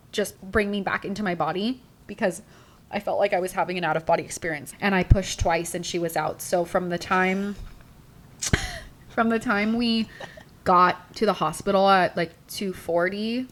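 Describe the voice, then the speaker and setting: Chatty woman podcast host telling a story. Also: lowish voice. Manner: animated, chatty, acts out quotes with frequent "like". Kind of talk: personal storytelling.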